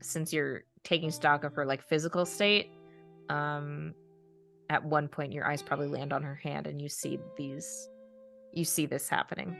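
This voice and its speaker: Woman game master, low gravelly voice, bright tone, soft music behind. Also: level tone, moderate pace. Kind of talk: narrating a tabletop game.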